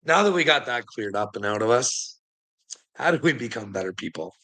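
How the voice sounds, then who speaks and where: A middle-aged man talks to his livestream viewers in a loose, rambling monologue. His voice is gravelly and forceful, with lots of swearing and frequent laughter between thoughts. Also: medium pitch, lively intonation, a little fast, low-quality recording. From Canada. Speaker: livestreamer talking to chat.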